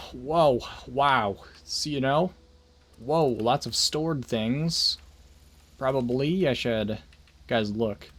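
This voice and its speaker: Speaking extremely slowly with a husky, medium-pitched voice and lively intonation, a streamer talks casually to viewers during a game. His livestream chat rambles along with jokey asides.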